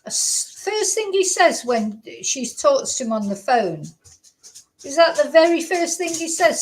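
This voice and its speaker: Chatty lady hosting true crime stuff, kinda high pitched, keeps going "what? what?". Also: unhurried, poor audio. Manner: animated, incredulous, repeats herself. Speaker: true crime channel host. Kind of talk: reacting to played clips, casual commentary.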